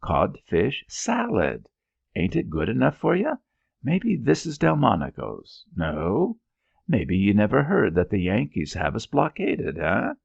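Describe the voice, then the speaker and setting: A man's voice: fairly low pitch, wildly swooping pitch, a little slow, gravelly, breathy edge, dry recording, dull audio, heavily acted. A man voicing a weary, scolding old widowed landlady who nags sharply. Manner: nagging, sharp-tongued.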